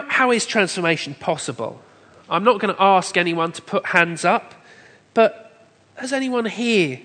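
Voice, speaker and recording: A fairly high-voiced man delivers a sermon in a church hall, measured and emphatic. He builds his points through steady lists. A long reverb trails each phrase. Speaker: preacher.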